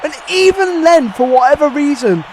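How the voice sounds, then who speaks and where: A young man delivering a heated, profanity-filled rant as a wrestling video reviewer, breaking into shouts. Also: very high-pitched, animated, moderate pace, a little hiss or hum. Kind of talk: angry ranting review.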